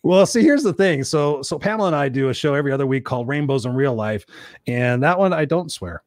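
A man's voice: mid-range voice, animated, fast talker, no echo. A man in his fifties hosting a live-streamed talk show, chatty and joking, swearing freely. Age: 50s. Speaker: host. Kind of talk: casual live-stream chat.

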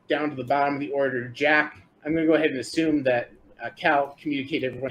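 A man's voice: mid-range voice, fairly even intonation, quick pace, fairly bright tone, muffled recording, a little hiss or hum. A man acting as game master in a tabletop role-playing game, patiently explaining the rules.

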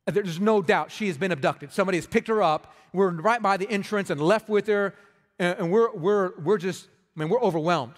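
Man, pastor, sermon, fairly high voice, impassioned, long hall reverb. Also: fairly quick. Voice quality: impassioned, rising to loud emphatic peaks.

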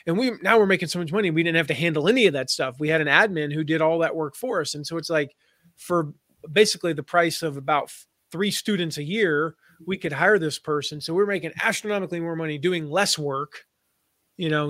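A man talks as a podcast guest, telling stories and laying out his points in a loose, chatty way. His voice sits a little high. The sound is dry and close, with no room echo. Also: fairly quick, fairly bright tone. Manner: chatty storyteller, slips into playful put-on voices. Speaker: guest, affiliate marketing expert. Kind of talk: conversational podcast interview.

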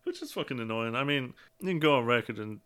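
A man's voice: mid-range voice, expressive, quick pace, fairly bright tone, clear, resonant tone. A man co-hosting a podcast, casually recapping episodes, swearing and quoting lines. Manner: retells scenes with quoted lines. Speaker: podcast co-host.

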